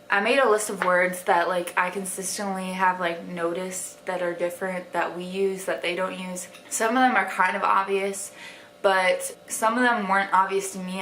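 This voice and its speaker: A woman's voice: on the low side, a bit bright. Young woman vlogging, light wisconsin accent, says "like" a lot, echoey room, bit of hiss. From Wisconsin, USA. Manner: chatty, heavy use of "like" fillers. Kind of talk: casual vlog talk to camera.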